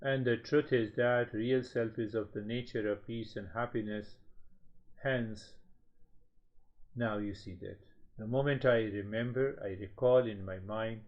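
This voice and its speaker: A man giving a spiritual talk as a teacher, speaking slowly in measured, repetitive phrases. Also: on the low side, fairly even intonation. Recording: slightly dull lo-fi sound.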